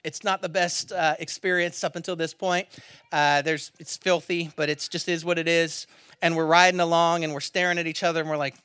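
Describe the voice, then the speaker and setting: Middle-aged male pastor, high bright voice, dry close sound, storytelling sermon that swings between loud and hushed. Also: flat delivery, brisk, clear, resonant tone, dry recording. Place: church service.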